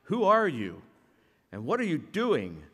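A man voicing an indignant young male executive who shouts loudly and at a raised pitch, in an echoey hall. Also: huge pitch swings, measured pace, heavily acted. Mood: furious.

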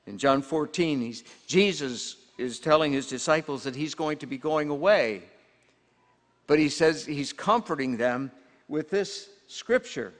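A man preaching a sermon as pastor, earnest and emphatic, slowing down to stress key words. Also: fairly high pitch, fairly bright tone. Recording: long hall reverb.

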